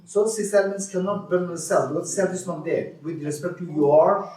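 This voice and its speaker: A man teaches a retreat group, his voice sitting a little higher than most men's. He keeps asking if they agree and repeats his points patiently. The sound comes from a distance in a strongly echoing hall. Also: brisk, a little mellow. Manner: questioning, repeats himself, laughs with students. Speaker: Buddhist teacher. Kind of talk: dharma teaching with questions to students. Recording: echoey hall, voice off-mic.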